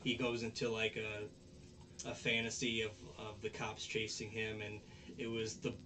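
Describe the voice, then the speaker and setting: A man's voice: lowish voice, monotone, a little slow, pushed and bright, a little hiss or hum. Rambling man recapping an episode. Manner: rambling, many fillers and restarts. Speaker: podcast host.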